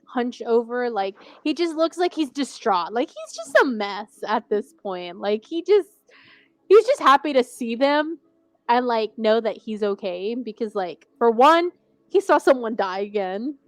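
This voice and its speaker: A woman co-hosts a laid-back TV recap podcast, talking in a loose, rambling way full of "like" and frequent laughter. Her voice sits a little high, and the sound is dry and close, with no room echo. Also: measured pace. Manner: rambling and animated, heavy use of "like", laughs often. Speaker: podcast co-host. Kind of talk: casual TV recap chat.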